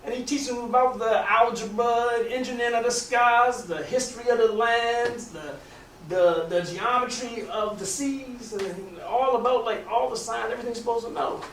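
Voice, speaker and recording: Speaking at a normal pace with a fairly bright tone, a man with a rather high voice rambles through a long, casual story, restarting sentences often and using loose grammar. The mic is distant, and the room sounds spacious, with a faint hum in the background.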